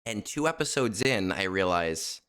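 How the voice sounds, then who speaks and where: Male co-host, very deep voice, dry joker, relaxed chat. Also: normal speed, smooth. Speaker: podcast co-host. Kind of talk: casual chat.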